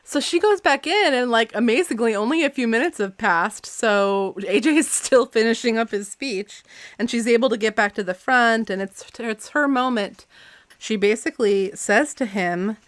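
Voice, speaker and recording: A woman's voice: a little high, normal speed, no echo, faint music behind. Laughing woman podcast host, dry close mic. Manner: laughs often, animated dramatic reading voices. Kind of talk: casual podcast chat.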